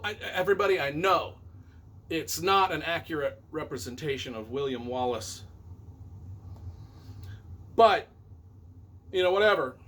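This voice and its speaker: A man's voice: on the high side, fairly bright tone. A middle-aged man, a novelist and movie reviewer, rambling enthusiastically and correcting himself as he counts down his favorite films on camera.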